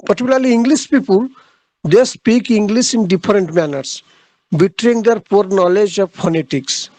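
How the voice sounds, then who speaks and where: A man giving a literature lecture, speaking haltingly, pausing often on "uh" and repeating his key phrases for emphasis. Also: high voice, a little mellow, dry recording, poor audio. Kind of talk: classroom lecture.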